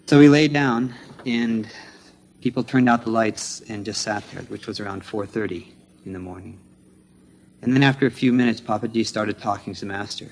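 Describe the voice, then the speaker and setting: A man earnestly recounting a personal story at a spiritual gathering, measured and halting, pausing to explain unfamiliar terms. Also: on the low side, creaky, a little hiss or hum. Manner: measured with frequent restarts. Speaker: speaker sharing trip experiences at a spiritual gathering.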